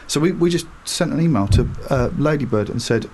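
Fast-talking man, guest storyteller. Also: on the high side, expressive, a little mellow. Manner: quick, eager storytelling. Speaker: podcast guest, comedy writer. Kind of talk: casual podcast chat.

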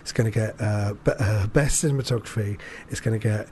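A man hosting a casual chat, rambling and animated, swearing freely as he talks. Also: on the low side, fairly quick, slight background noise. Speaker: podcast host.

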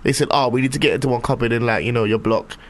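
A man, telling animated, slangy stories in a casual chat. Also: mid-range voice, racing. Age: 20s. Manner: animated, slangy, acts out voices in anecdotes.

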